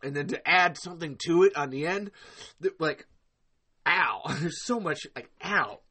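A man's voice: a little high, animated, a little slow, bright, forceful tone, breathy edge. A man hosting a live podcast in casual chat, rambling and profane, laughing often. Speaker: podcast host.

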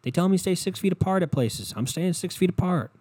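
A man hosting a solo podcast, ranting casually with lots of swearing, swinging between low mutters and loud exasperated outbursts. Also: animated, fairly quick, breathy edge, dry recording. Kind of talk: casual comedic rant.

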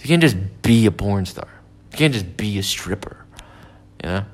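A man's voice: on the low side, expressive, normal speed. A man in a casual, meandering monologue, swearing often and trailing off into fillers and restarts.

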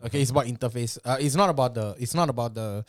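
A man's voice: mid-range voice, fast, no echo, studio quality. A man with a Singaporean English accent, co-hosting a podcast in joking, teasing banter with local slang. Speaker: podcast co-host.

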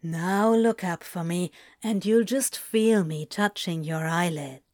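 Woman putting on a low gravelly guy murmuring slow and soft, sly flirty optician, dry close sound. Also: no echo. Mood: low teasing. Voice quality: gravelly, hushed near-whisper.

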